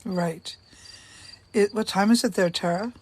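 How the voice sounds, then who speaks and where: A woman's voice: mid-range voice, a little slow, a little hiss or hum. An older woman hosting a casual live stream outdoors, chatting to viewers, greeting them by name and repeating her questions. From Canada. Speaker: livestream host. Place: outdoors on a sunny day. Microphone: phone.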